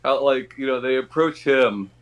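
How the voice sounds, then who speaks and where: A man on a podcast telling an anecdote in a casual, animated way, with casual swearing. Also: mid-range voice, normal speed, low-quality recording. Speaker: podcast co-host. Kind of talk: casual chat.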